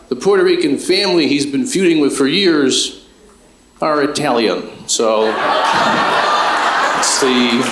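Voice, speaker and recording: A man works a comedy club stage with a handheld mic, and his voice bounces around a roomy space. He talks at an everyday pitch, spinning family stories in a dry, offhand way and throwing quick questions to the crowd. A faint hum of the room sits under him. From Chicago. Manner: dry, conversational storytelling with asides to the crowd. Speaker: stand-up comedian. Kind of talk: stand-up comedy set. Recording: roomy live club sound.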